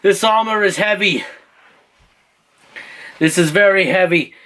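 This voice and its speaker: A man's voice: sits high, measured pace, bright, forceful tone, voice pushed up. A man voicing a bookish, earnest young king in a put-on British accent, speaking stiffly and formally. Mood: strained.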